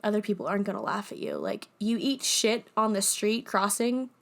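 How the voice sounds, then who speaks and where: A woman's voice: mid-range voice, sing-song, moderate pace, gravelly. A young woman hosting her own podcast, talking casually and candidly, laughing often and swearing freely. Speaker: podcast host. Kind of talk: casual personal monologue.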